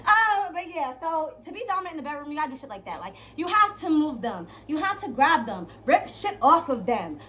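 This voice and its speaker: A young woman vlogger giving dating advice in a brash, profane, playful monologue, swinging from loud to hushed. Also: sits high, very animated, fairly quick, hardly any pauses. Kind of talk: casual storytelling monologue.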